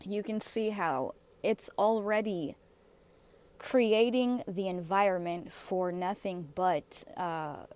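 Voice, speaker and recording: A woman's voice: mid-range voice, slow pace, a little mellow, smooth. A woman vlogger giving casual, sarcastic commentary on comments, blunt and given to laughing asides.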